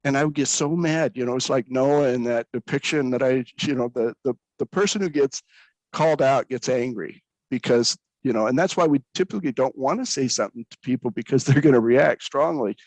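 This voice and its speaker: A man's voice: medium pitch, a little fast, dry recording, rough recording. A man, a pastor in recovery, speaking earnestly about his own story, with frequent restarts. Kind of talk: candid personal storytelling.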